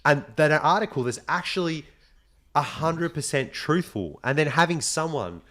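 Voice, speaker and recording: A young adult man with an Australian accent, hosting a casual podcast chat, animated and swearing freely, with a slight cold. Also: a little high, normal speed. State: has a cold. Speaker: podcast host.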